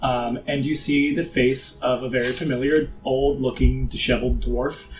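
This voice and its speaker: A man's voice: medium pitch, fairly even intonation, normal speed, a little hiss or hum, poor audio. A man narrating a tabletop game as game master in a loose, casual way with lots of filler words.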